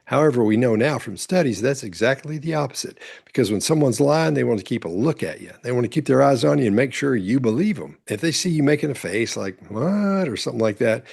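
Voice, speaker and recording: A man explains behavior cues in a calm, teaching tone. His voice is gravelly with a husky edge. He speaks like a commentator walking viewers through footage. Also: medium pitch, fast talker, few pauses. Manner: explanatory, instructive. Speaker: body language analyst. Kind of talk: commentary over courtroom clips.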